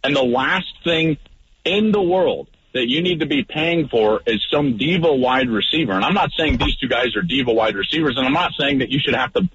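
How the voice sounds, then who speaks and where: A man who is a guest on a radio sports talk show, telling a story in a lively, animated way that gets loud at its peak. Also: mid-range voice, moderate pace. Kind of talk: animated storytelling in casual chat. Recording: dull lo-fi radio audio, faint noise.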